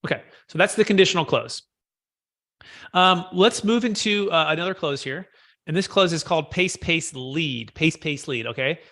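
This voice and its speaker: A man's voice: on the high side, moderate pace, sharp tone. A man leading a live sales training session, coaching trainees and repeating key phrases.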